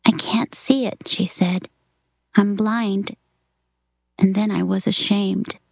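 Woman reading a story out loud, slow and soft, slips into whispers, dry close sound. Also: mid-range voice, no room sound. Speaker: reader. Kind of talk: reading a novel aloud.

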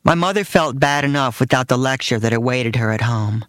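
A man reads his first-person memoir in a dry, matter-of-fact way, at an even middle pitch. He is close to the mic in a dead, echo-free studio. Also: brisk, hardly any pauses. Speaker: narrator reading his own memoir.

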